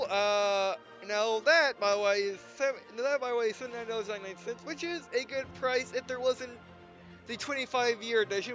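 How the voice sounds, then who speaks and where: A young man hosting a let's play, out of breath and rambling with halting restarts as he talks through a game. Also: a little high. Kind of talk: casual gameplay commentary. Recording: dull lo-fi mic with faint game music.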